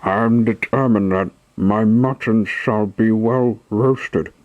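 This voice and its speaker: A man reading the part of a gruff, harsh puppet showman in a slow, low voice. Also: no room sound, phone-quality sound. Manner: harsh, commanding.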